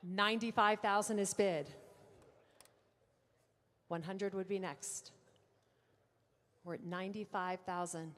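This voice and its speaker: A woman auctioneer with a steady, mid-range voice runs a live car sale, rattling off figures briskly and teasing bidders playfully between calls. Her voice rings through a large room with long trailing reverb.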